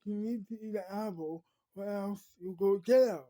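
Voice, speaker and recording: A woman's voice: mid-range voice, normal speed, dark tone, no room sound, lightly acted. A woman voicing Randy, an injured man who urges the others to leave, insistent and pleading.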